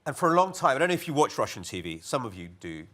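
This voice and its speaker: A man speaking on a public panel as a former TV producer, animated with quick repeated asides. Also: mid-range voice, a little hiss or hum. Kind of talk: panel discussion talk.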